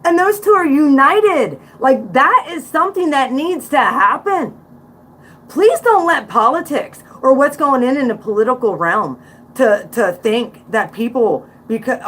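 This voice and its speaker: A woman's voice: on the high side, lively intonation, measured pace, a bit bright. A woman in her forties with a Central Pennsylvania accent, talking bluntly and outspokenly as she reacts to music on a casual livestream. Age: 40s. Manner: blunt, outspoken, preachy asides. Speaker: livestream host.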